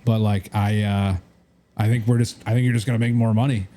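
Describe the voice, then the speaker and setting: A man's voice: on the low side, little pitch movement, fairly quick, dark tone. A man co-hosting a casual podcast, telling a rambling deal story full of quoted back-and-forth dialogue and fillers. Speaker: real estate agent and podcast co-host.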